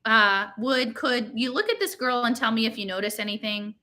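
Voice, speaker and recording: A woman's voice: fairly high pitch, animated, normal speed, pushed and bright. A woman reading aloud and voicing a bored teenage boy who speaks bluntly and dismissively.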